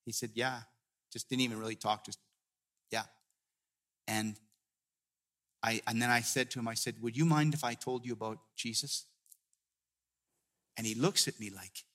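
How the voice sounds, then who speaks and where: Male guest preacher, middle-aged, mid-pitched, earnest storytelling sermon with frequent restarts. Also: fairly even intonation, moderate pace, pauses often. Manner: storytelling, many restarts, drops to a hushed tone in emotional moments. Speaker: guest pastor.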